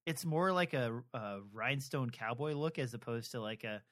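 A man co-hosting a podcast, talking casually and haltingly with many fillers and restarts. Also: mid-range voice, a bit bright. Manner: rambling, hesitant, lots of fillers and restarts. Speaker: podcast co-host. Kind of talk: casual chat about a TV adaptation.

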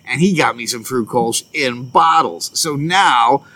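A man co-hosting a loose, casual podcast, spinning a story and swearing freely as he acts out his friends. His voice is bright and forward. A faint background hum sits under it. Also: medium pitch, moderate pace, low-quality recording. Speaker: podcast co-host. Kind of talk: casual chat.

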